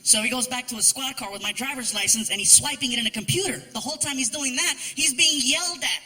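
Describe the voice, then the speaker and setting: A male stand-up comedian spinning a story on stage with fast, animated delivery. His voice sits very high and sounds bright and sharp. A big reverberant hall carries it, with faint music in the mix. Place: live comedy venue.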